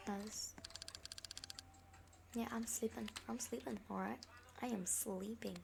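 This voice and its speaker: High-voiced woman playing a game dramatically. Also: fairly even intonation, a little slow, vocal fry, pauses often, music in the background. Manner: dramatic and playful, swings between whispers and panicked screams. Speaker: gaming channel host. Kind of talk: Roblox let's-play commentary, role-playing in character.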